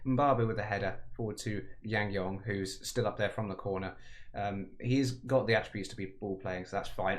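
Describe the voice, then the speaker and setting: A man with a lowish voice talks through a football management game in a loose, conversational way. He rambles, corrects himself and pokes fun at his own remarks as he goes. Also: steady tone, moderate pace. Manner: chatty, self-mocking, rambling asides. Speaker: gaming commentator. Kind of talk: casual game commentary.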